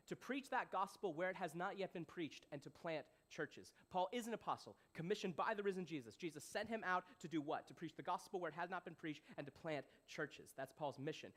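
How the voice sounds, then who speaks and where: High-voiced, animated young pastor man. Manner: animated, playful, asks the audience questions. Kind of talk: casual sermon.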